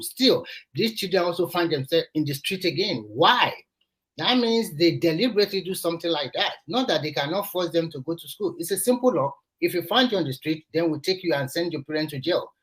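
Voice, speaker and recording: Nigerian man, host, husky, a bit high, earnest, repeats himself. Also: fairly bright tone, poor audio. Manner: earnest, repeats phrases to press a point. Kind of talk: casual discussion.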